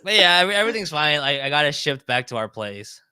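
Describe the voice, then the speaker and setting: A man's voice: on the high side, fast talker, clean tone, no room sound, clean studio sound. A man chatting casually on a podcast, telling a story with lots of swearing and acting out the people in it. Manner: animated, swearing, acts out the people in his story. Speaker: podcast co-host.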